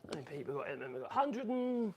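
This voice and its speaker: A man hosts a woodworking livestream, chatting casually, thinking aloud, and humming tunelessly to himself as he works. He is very animated and talks fast in a voice that sits high, and the audio is dull and very noisy.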